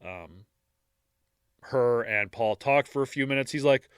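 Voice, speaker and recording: A man co-hosting a podcast, narrating a case in a casual true-crime style and breaking off for dark jokes. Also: mid-range voice, measured pace, clean tone, no room sound, clean studio sound.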